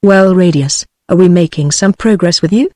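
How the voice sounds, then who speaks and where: A woman's voice: lowish voice, normal speed, warm tone, no room sound, clean studio sound, lightly acted. A synthetic British woman reading a clinical male doctor. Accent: British English.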